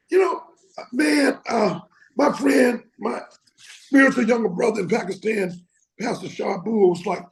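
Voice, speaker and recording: A man's voice: high voice, lively intonation, measured pace, rough recording. A man preaching fervently to his academy's members over a video call, with frequent exclamations. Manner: fervent, exclaims and laughs often. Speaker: academy leader addressing members. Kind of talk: motivational preaching.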